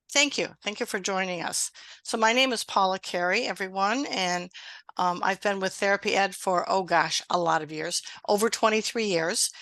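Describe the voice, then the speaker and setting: This middle-aged woman hosts an online exam-prep session with a bright, ringing voice. She sounds close and dry on a video call, chatting and encouraging her listeners. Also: medium pitch, dry recording. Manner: warm, encouraging, conversational. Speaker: webinar host and exam prep instructor. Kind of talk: live online webinar.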